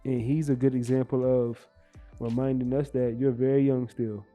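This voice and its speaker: A man co-hosting a podcast, talking in a relaxed, reflective way. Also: mid-range voice, moderate pace, faint music behind. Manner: relaxed, reflective, sports-savvy. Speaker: podcast co-host. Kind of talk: casual chat.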